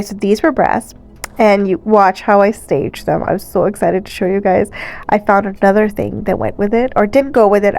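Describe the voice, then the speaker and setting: A woman with a stuffy nose doing a chatty, relaxed voice-over for a thrift shopping vlog. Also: medium pitch, vocal fry. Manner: chatty, relaxed, with fillers and small laughs. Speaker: thrift vlogger. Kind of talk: casual voice-over narration. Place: recorded voice-over.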